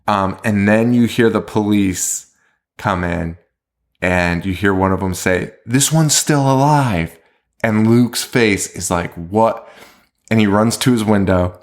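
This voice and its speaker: A man's voice: lowish voice, steady tone, measured pace. A man co-hosting a podcast, chatting casually and swearing a lot as he recaps a movie's plot with acted-out quotes. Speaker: podcast co-host.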